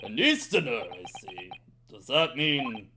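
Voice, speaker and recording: A man voicing a hostile middle-aged prison governor who shouts and threatens. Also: medium pitch, very animated, a little slow, background noise. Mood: blustering.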